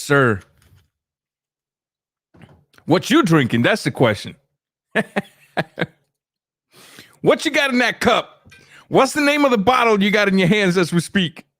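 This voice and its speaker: A man's voice: fairly high pitch, fairly bright tone, dry recording, clean studio sound. A man hosting a casual live stream, reacting to boxing and chatting with viewers as he reads their comments.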